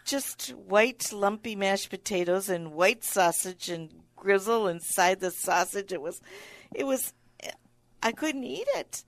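Unhurried woman guest telling a story. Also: mid-range voice, dry recording. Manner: animated storyteller acting out the people in her stories. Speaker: guest speaker. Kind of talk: casual storytelling in an interview.

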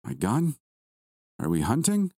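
A man voicing a tired, confused young man woken too early, with a raspy voice and short puzzled questions. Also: fairly low pitch, big pitch swings, takes it slowly, a little mellow, no room sound, studio quality, voice pushed up, full character voice.

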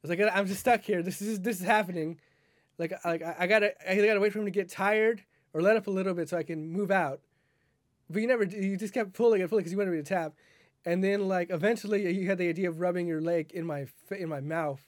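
Guy with a high voice rambling about wrestling on a podcast, dry close mic, keeps restarting his sentences. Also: quick pace, dry recording. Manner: rambling, self-correcting, laughs at himself. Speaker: podcast co-host. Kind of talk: casual chat.

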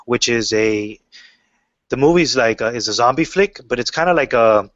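A man's voice: medium pitch, normal speed. A man talks casually as an interview guest, spinning loose stories full of fillers and restarts. His voice sits in a middle range and comes through a dull, lo-fi recording. The room sound is dry, with no echo. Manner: relaxed storytelling, many fillers and restarts. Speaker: comic book writer.

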